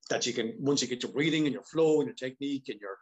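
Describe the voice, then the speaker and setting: An Irish man chatting as a podcast guest, swearing freely and telling animated stories. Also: medium pitch, fast talker, low-quality recording. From Ireland. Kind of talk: casual podcast chat.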